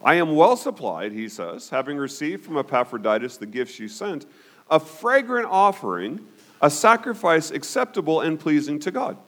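Man teaching a Bible study, lively pitch. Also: normal speed. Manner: conversational, frequent "okay?" check-ins.

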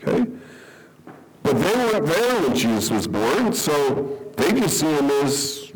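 A man delivering a conversational Bible-teaching sermon, often checking whether listeners follow. His voice sits a bit high and swings widely in pitch. He leans on rhetorical questions to pull the room along. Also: sing-song, measured pace, poor audio.

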